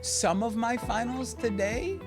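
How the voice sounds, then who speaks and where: A man's voice: very high-pitched, animated, a little slow. A young man casually commentating a game on stream, chatty and rambling, with game music behind.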